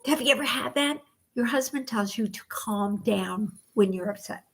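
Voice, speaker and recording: A middle-aged woman co-hosting a knitting podcast in casual chat, ranting with bursts of loud exasperation. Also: fairly high pitch, moderate pace, creaky. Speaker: podcast co-host.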